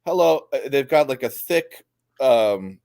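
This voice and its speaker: A man's voice: medium pitch, expressive, a little slow, gravelly, darkish tone. A man hosting a casual sports betting stream, blunt and stumbling, swearing freely. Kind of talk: casual chat.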